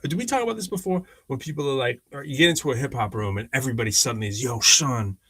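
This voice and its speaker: A man's voice: medium pitch, rapid-fire, slightly rough, no echo. A man co-hosting a podcast, talking casually and animatedly with frequent restarts. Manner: animated storyteller, lots of restarts. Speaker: podcast co-host. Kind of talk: casual conversation.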